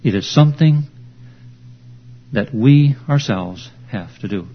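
Slow, emphatic male preacher. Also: medium pitch, expressive, breathy edge. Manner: slow, emphatic, deliberate teaching. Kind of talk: expository sermon. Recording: dull lo-fi recording.

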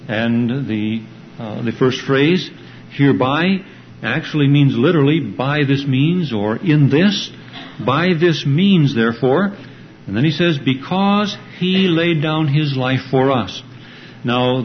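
A man teaching a verse-by-verse Bible study lecture, explaining carefully and stressing key words. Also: mid-range voice. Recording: dull lo-fi recording with faint hum.

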